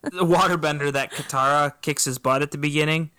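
A playful man co-hosting a relaxed podcast, teasing his friends as he talks. His voice is bright and forward, and it sounds dry and close with no room echo. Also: a little high, fairly quick, smooth. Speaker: podcast co-host. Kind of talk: casual chat.

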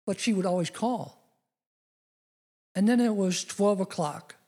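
Husky-voiced middle-aged man preaching. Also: sits high, a little slow, dark tone. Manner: earnest, storytelling, rising to emphatic declarations. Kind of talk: sermon.

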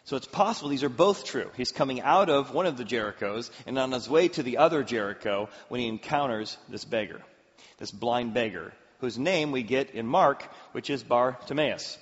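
A male pastor preaching a sermon, telling a story with acted-out quotes and an animated delivery. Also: mid-range voice, normal speed. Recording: echoey hall, slightly dull.

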